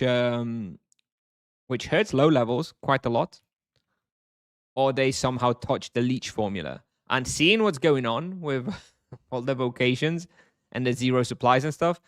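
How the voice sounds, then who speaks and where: Man, live game streamer, easygoing chat with viewers, mid-pitched voice, dry close sound. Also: clean tone, dry recording. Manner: relaxed, thinks aloud with fillers and restarts, chuckles often. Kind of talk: casual live-stream chat, answering chat questions.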